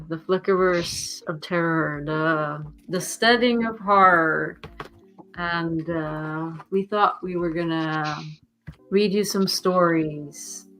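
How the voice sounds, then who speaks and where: A woman's voice: lowish voice, fairly bright tone. A woman hosting a casual livestream chat, hesitant and full of fillers, laughing often. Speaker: host.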